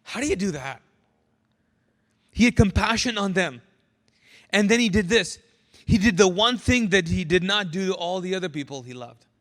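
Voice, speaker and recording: A man preaching a sermon as pastor, animated and drawing answers out of his congregation. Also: sits high, normal speed, long pauses, in a large hall. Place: church sanctuary.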